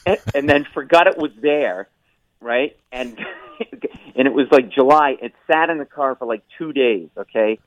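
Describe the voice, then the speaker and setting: A middle-aged man hosting morning radio, telling a family story in an animated way and acting out the voices of the people he quotes. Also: medium pitch, moderate pace, no room sound, dull audio. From Rhode Island. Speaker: radio show host.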